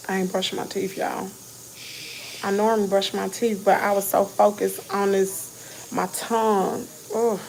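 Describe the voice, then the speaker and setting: Anxious Southern woman with a gravelly voice. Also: mid-range voice, little pitch movement, a little slow, a little mellow, a little hiss or hum, rough recording. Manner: anxious, talks to viewers as y'all, drops to whispers. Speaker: vlogger livestreaming from a dentist's office. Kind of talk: casual live chat to viewers. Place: dentist's exam room. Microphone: phone held close.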